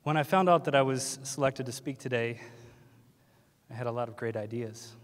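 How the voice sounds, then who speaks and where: A man's voice: medium pitch, normal speed. A man from West Virginia delivers a graduation speech as the chosen teacher speaker, his humor wry and self-deprecating. His mid-range voice rings out through a large hall with a long, trailing reverb. He speaks into a podium microphone that feeds the PA.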